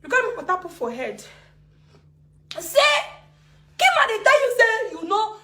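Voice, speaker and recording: Agitated Nigerian woman, high echoey voice. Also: big pitch swings, normal speed. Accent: Nigerian Pidgin. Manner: agitated, swings between laughing, crying and shouting. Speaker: live video speaker. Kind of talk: emotional live-video rant.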